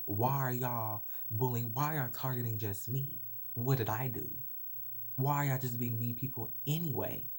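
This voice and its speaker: This confessional vlog, shot on a phone, features a young man recounting something personal with earnest, animated emotion. He speaks at a moderate pace in a medium-pitched voice.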